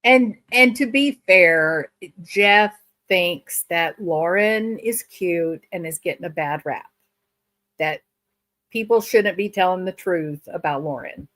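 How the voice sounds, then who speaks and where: A woman giving sarcastic, mocking commentary on a video clip, with drawn-out, theatrical emphasis. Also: lowish voice, fairly bright tone. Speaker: co-host reacting to a video.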